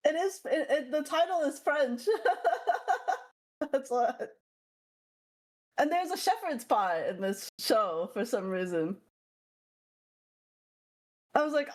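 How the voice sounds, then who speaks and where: A woman's voice: on the high side, slow pace, pauses often. A woman chatting casually on a stream, playful and giggly, teasing with questions. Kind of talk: casual chat.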